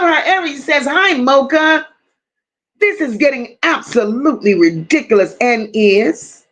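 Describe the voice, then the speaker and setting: Woman w/ high voice doing livestream shoutouts, aave, calls everyone baby n boo, swears casually. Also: expressive, measured pace. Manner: warm, affectionate, calls viewers baby and boo; casual, swears freely, reads chat aloud. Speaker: livestream host. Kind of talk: live chat greetings.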